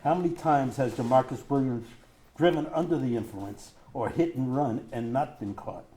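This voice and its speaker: A middle-aged man, a grieving father, reading a prepared statement in court; his voice is tearful and halting, breaking as he chokes up. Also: medium pitch, warm tone. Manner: grief-stricken, halting, voice breaking.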